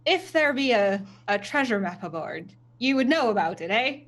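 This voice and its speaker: A woman's voice: a little high, very animated, normal speed. A woman voicing a flamboyant female pirate captain in a mock pirate dialect. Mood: swaggering.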